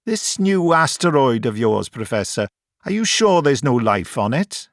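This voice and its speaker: A man's voice: medium pitch, big pitch swings, unhurried, no room sound, clean studio sound. A man voicing a sleepy but stubborn male communications technician, raised and insistent. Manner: insistent, dogged.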